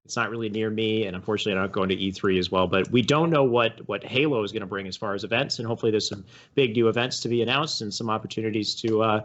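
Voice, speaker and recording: A man's voice: fairly low pitch, fairly even intonation, racing, few pauses, fairly bright tone, lo-fi sound, a little hiss or hum. A man hosting a show, chatting easily with his guest and laughing often before wrapping up. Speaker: show host. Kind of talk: casual interview and show wrap-up.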